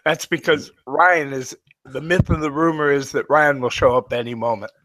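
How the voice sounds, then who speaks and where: A man's voice: mid-range voice, fairly even intonation, moderate pace, a bit bright, dry recording. Older man joking drily. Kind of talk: casual chat.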